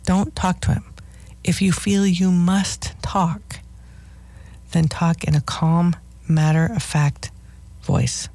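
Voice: mid-range voice, flat delivery, takes it slowly, pauses often, a little mellow, dry recording. A radio host of a dog-training show, giving firm, instructive advice as a list of do's and don'ts.

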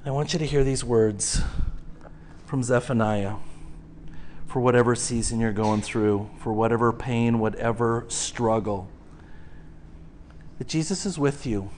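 A man preaching to his congregation, telling a lively story full of acted-out cries, then leading a slow, hushed prayer. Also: medium pitch, slight background noise. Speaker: pastor. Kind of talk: sermon. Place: church sanctuary.

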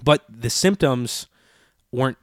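A man's voice: medium pitch, slow, dry recording, clean studio sound. Profane young man telling a story. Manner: animated, profane, heavy use of "like". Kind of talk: casual storytelling chat.

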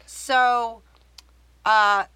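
A woman co-hosting a podcast, recapping a movie in casual chat, animated and swearing freely. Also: on the high side, extremely slow, clean tone, dry recording, rough recording. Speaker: podcast co-host.

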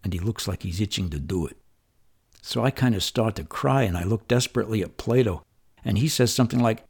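A man's voice: fairly low pitch, a little fast, a little mellow. A man from New York telling a personal childhood story in a conversational, wry and vivid way. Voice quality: gravelly and husky. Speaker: memoir storyteller.

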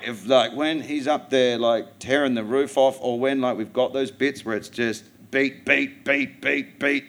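Animated, profane Australian man. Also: mid-range voice. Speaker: guest comedian. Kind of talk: live podcast interview chat. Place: theatre stage before a live audience.

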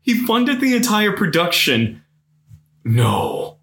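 A man talking on a casual podcast, reading articles aloud and breaking off for profane, sarcastic jabs. His voice sits slightly high, and the recording carries a roomy echo. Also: lively intonation, measured pace, a bit bright, slight background noise. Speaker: podcast co-host.

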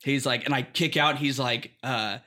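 A man who wrestles, chatting casually and telling an animated story with laughs. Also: mid-range voice, normal speed. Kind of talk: casual chat.

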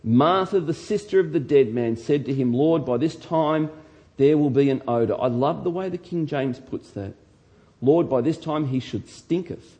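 Animated male preacher reading scripture. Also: mid-range voice. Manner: shouts dramatically when acting out quotes. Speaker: pastor. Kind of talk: sermon.

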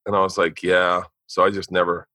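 A man, a comedian, telling a profane story in casual podcast talk, animated and laughing. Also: low-pitched, brisk, dry recording, rough recording.

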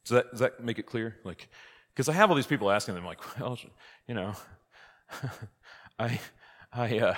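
A man, a priest, teaching a conversational church class, lively and full of rhetorical questions. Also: mid-range voice, normal speed, long pauses. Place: church hall. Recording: long hall reverb.

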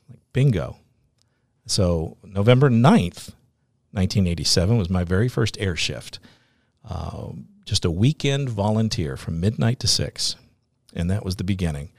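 A man's voice: sits low, expressive, normal speed, dry recording, clean studio sound. A middle-aged man, a radio host as guest, telling his faith story in an earnest, reflective way. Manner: earnest, reflective, laughs easily.

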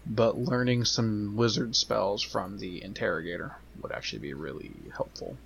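A man's voice: fairly low pitch, moderate pace, vocal fry, a little hiss or hum. A man playing a tabletop game, thinking aloud as he plans his next moves. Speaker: player. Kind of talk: casual game chat.

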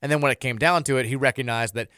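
A man's voice: medium pitch, very fast, clear, resonant tone, dry recording, clean studio sound. A man hosting a sports radio show, talking casually in a rambling way with many restarts. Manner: animated, rambling, frequent restarts and repeated words. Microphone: studio microphone.

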